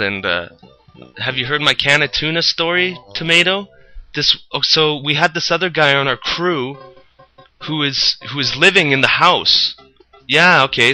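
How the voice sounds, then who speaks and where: A young man tells a long, winding story from his working life, swearing freely as he goes. His voice has a sharp, bright edge. Faint music plays behind him. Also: mid-range voice, poor audio. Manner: rambling, profane, animated retelling. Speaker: roofer telling a story. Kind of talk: casual storytelling.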